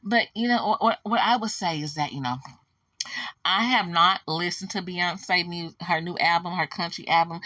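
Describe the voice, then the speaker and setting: A woman hosting a celebrity gossip vlog, sassy and animated, calling her viewers sugar. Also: lowish voice, no echo. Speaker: host.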